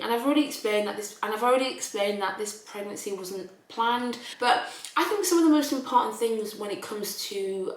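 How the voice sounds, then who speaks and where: A woman's voice: mid-range voice, roomy sound, poor audio. A young woman chatting emotionally in a casual vlog, often restarting her sentences. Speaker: vlogger.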